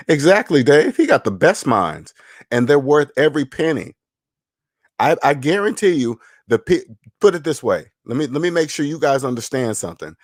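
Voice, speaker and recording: A man's voice: on the high side, very animated, normal speed, dry recording, studio quality. A man hosting a money channel, lecturing in casual livestream commentary, emphatic and repetitive, answering viewer chat. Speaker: finance channel host.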